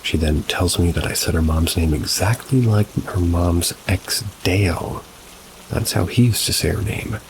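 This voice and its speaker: A man calmly narrating reader-submitted paranormal stories, adding brief asides of his own. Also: sits low, measured pace, background noise. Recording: rain sounds mixed behind the voice. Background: steady rain ambience.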